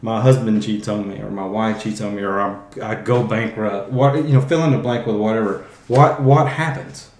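A man's voice: on the low side, normal speed, hardly any pauses, darkish tone, echoey room. A man hosting a casual Bible teaching podcast, talking conversationally and often restarting his phrases. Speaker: podcast host.

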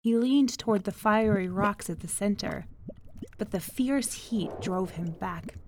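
Slow, measured woman storyteller. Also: mid-range voice, a little mellow, a little hiss or hum. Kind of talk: storybook narration.

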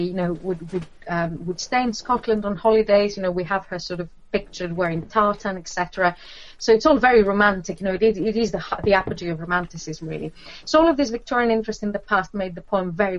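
A woman's voice: medium pitch, no room sound. Woman lecturer, hesitant, full of fillers; dry, slightly muffled recording. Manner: hesitant, many fillers and restarts. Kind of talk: lecture on literature and folklore.

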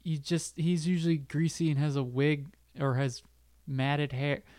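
A man's voice: fairly high pitch, steady tone, unhurried, darkish tone, dry recording. A man co-hosting a podcast in casual chat, cracking wry, dry jokes about plot holes. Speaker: podcast co-host.

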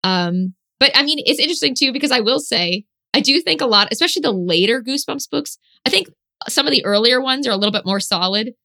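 A woman chatting casually as a podcast guest, excitable and swearing casually, filling her talk with "you know". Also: a little high, fast, gravelly, slight background noise. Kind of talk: casual chat.

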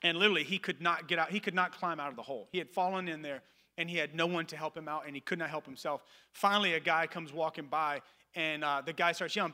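Male pastor, 30s, sermon, high voice, bright and forceful tone, rises to loud calls and drops to quiet asides. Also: quick pace. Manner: animated preaching that swings between loud emphatic calls and soft low asides.

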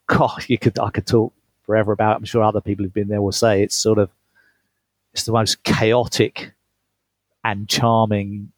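Brief: low, husky male guest, dry close sound, chatty anecdotes. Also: dry recording. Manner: chatty, laughs often, restarts mid-phrase. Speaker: guest, author. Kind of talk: storytelling interview.

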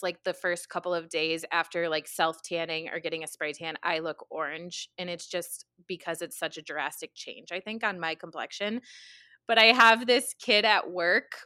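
Bright, clear young woman telling a story in an animated, chatty way, with plenty of fillers and quick laughs. She is recorded up close on a dry mic, with no room sound at all. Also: fairly low pitch, dry recording. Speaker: podcast co-host. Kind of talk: casual chat.

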